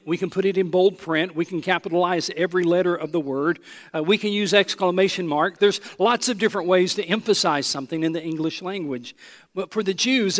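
Emphatic high-voiced male preacher. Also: in a large hall. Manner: emphatic, swings from loud proclamation to soft intimate asides. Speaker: pastor. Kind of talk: sermon.

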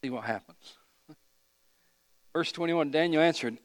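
A man's voice: medium pitch, animated, a little slow, a bit bright, dry recording, in a large hall. A man pastor preaching a sermon, emphatic and putting questions to the congregation.

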